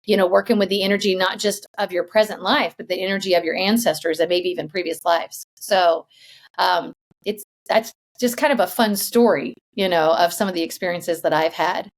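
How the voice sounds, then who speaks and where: A woman hosting a podcast, telling a story in a chatty, animated way and laughing as she goes. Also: fairly low pitch, a little fast. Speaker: podcast host. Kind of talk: casual storytelling.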